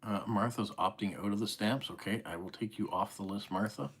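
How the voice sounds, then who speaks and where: Chatty East Coast Canadian man, low voice. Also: fairly quick, a bit bright, slightly rough. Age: middle-aged. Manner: friendly, chatty, reads viewer comments aloud. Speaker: live stream host. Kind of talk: casual live-stream chat reading comments.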